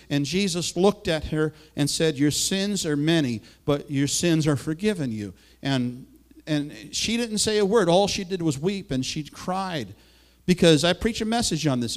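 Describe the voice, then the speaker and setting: Male preacher, fairly high voice, fervent and emphatic sermon style. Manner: fervent, rising and falling emphasis, asks for slides.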